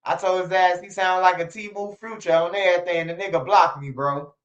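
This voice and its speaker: A man's voice: sits high, steady tone, a little fast, a bit bright. Rambling man on a lo-fi stream. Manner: loose, rambling, swears often. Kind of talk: casual livestream commentary. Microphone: streaming setup. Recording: slightly dull lo-fi stream audio.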